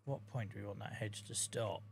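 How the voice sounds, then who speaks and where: A man's voice: lowish voice, fairly even intonation, a little fast, vocal fry, a little hiss or hum. A man with a Norfolk accent chatting casually to his viewers while he plays a game, swearing freely and greeting people by name. He sounds tired and sore. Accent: Norfolk English. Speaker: game streamer. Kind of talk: casual live-stream chat while playing.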